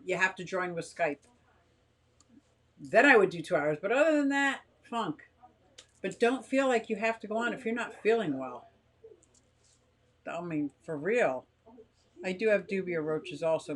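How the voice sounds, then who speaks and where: An older woman is hosting a relaxed live stream from her garage at home. She talks in a chatty, rambling way and answers viewer comments one after another, her voice at an ordinary pitch for a woman. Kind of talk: casual live-stream chat.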